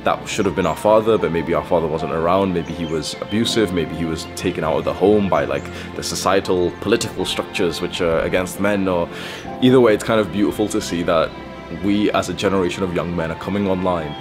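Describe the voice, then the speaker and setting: A man's voice: sits low, fairly quick, music in the background. A young man giving blunt, profane self-improvement advice in a casual, rambling monologue. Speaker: self-improvement video host.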